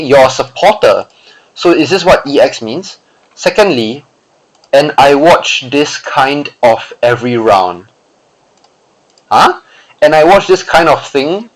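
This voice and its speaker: A man's voice: mid-range voice, low-quality recording. A young man giving a casual commentary as he reads a story aloud and critiques its writing. He talks in a chatty way, often repeating and restarting his words.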